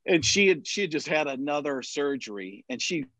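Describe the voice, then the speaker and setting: A man's voice: a little high, expressive, a little fast, a bit bright. A middle-aged man telling a long story in casual chat, with many restarts and fillers. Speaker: podcast guest. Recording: dull, lo-fi sound.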